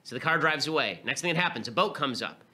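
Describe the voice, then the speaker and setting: Male podcast host, very sharp tense tone, fast and emphatic, openly scornful. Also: fairly high pitch, expressive. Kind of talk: political commentary monologue.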